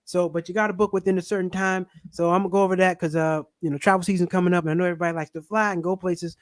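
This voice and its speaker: A man's voice: high voice, fairly even intonation, rapid-fire, no echo, clean studio sound. A man hosting a live stream, chatting casually with a guest and swearing freely. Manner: laid-back, swears casually. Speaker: livestream host.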